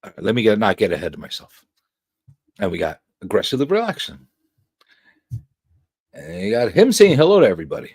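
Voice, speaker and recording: A man's voice: lowish voice, very animated, brisk, vocal fry, long pauses, darkish tone, slightly rough. A man hosting a casual livestream talk show, joking with his panel, swearing freely and drawing out his points with emphatic asides.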